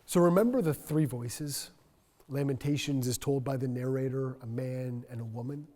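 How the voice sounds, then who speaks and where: A male pastor preaching a sermon in a church, earnest and reflective, dropping to a soft voice for emphasis. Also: medium pitch, normal speed, long reverb tail. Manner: earnest, reflective, soft-spoken at key points. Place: church sanctuary.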